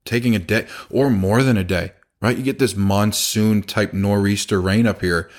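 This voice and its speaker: A low-pitched man, chatting casually as a business owner. He tells work stories and slips into the voices of the people he quotes. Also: steady tone, moderate pace. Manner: conversational, acts out quoted dialogue. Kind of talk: casual storytelling talk.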